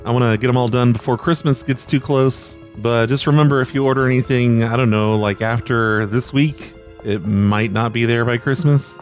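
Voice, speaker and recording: A man at a middle pitch hosts his own prank call podcast, easygoing and rambling. He drifts between thoughts and shrugs things off with self-deprecating asides. Soft music plays faintly behind him. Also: fairly even intonation, normal speed. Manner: loose, self-deprecating, trails off with "I don't know". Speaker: podcast host and prank caller. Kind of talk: casual rambling monologue.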